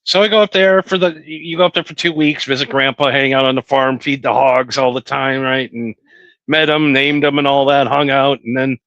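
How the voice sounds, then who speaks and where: A man's voice: medium pitch, steady tone, moderate pace, a bit bright, dry recording, dull audio. A man co-hosting a podcast in casual chat, telling loose anecdotes and laughing along. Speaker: podcast co-host.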